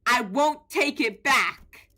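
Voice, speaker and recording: Animated high-voiced woman streamer. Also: takes it slowly. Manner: animated, goofy, jokey, bursts of shouting. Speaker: gaming streamer. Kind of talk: playful gameplay commentary.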